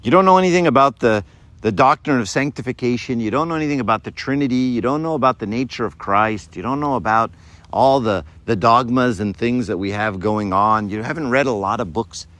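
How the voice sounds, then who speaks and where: A man's voice: medium pitch, brisk, fairly bright tone, lightly acted. A man voicing an incredulous angel at heaven's gate. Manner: incredulous questioning.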